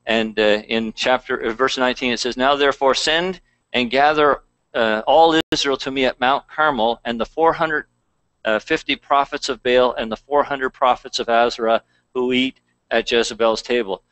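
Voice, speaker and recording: A man's voice: medium pitch, a bit bright, no room sound, low-quality recording. A man pastor preaching a conversational sermon, reading scripture aloud between plain asides.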